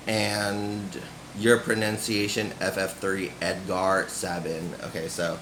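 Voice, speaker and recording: Guy rambling to his camera, slow and kinda low, lots of "like", roomy echoey room with a little hiss. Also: a bit bright. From United States. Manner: loose, filler-heavy talk with many "like"s and restarts. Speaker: vlogger. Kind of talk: casual rambling monologue to camera. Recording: roomy echo with faint background noise.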